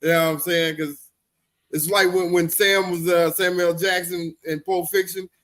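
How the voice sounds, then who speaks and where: High-voiced, halting male co-host. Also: little pitch movement, fairly bright tone. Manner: halting, repeats words, laughs often. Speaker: podcast co-host. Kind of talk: casual chat.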